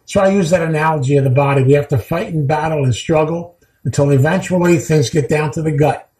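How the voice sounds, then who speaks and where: A man's voice: fairly high pitch, fairly quick, a little mellow, roomy sound, poor audio. A man giving a heartfelt recovery talk, telling stories earnestly and repeating key phrases for weight. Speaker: recovery speaker.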